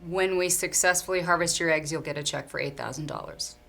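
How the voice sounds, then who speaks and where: A woman playing a doctor, speaking in a brisk, clinical manner. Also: sits low, gravelly, fairly bright tone.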